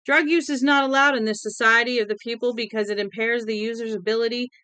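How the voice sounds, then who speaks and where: A woman doing a shrill proclaiming herald. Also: fairly even intonation, pushed and bright, smooth, no room sound. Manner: high, fast, auctioneer-like proclaiming. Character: shrill male herald reading a death order.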